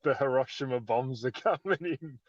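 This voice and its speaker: A man co-hosting a football podcast in a relaxed, measured way. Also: mid-range voice, a loud crowd. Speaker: podcast co-host. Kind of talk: casual football chat. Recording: dull dry sound.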